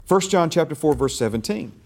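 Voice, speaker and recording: A man leads a Bible class in a relaxed, conversational teaching style. His voice sits a little on the high side. He repeats key phrases for emphasis and keeps checking that his listeners are following him. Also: a little fast, creaky.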